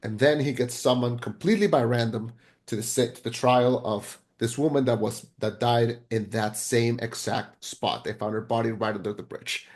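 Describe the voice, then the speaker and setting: Man, podcast co-host, casual film review chat, excitable, rambling, swears now and then, mid-pitched voice. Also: normal speed.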